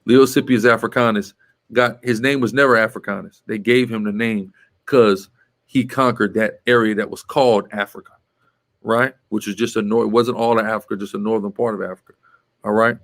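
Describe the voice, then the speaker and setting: A man leads a Bible class in a forceful, emphatic way. He scolds his students and keeps checking with a quick "right?". He breaks in to tell the reader to read on. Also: fairly low pitch, fairly even intonation. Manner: emphatic, tags statements with "right?". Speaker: teacher leading a Bible class.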